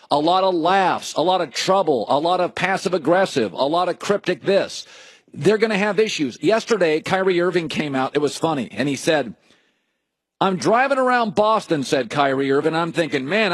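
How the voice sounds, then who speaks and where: A middle-aged man hosting a sports talk show, riffing in an opinionated monologue full of jokes and quick asides. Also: a little high, expressive, dry recording. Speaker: sports radio host.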